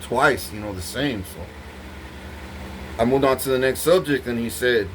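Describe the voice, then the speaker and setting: A man with a mid-range voice and moderate pace speaks to the camera, swearing constantly as he rambles intensely and addresses his partner head-on. The audio is poor and has slight background noise.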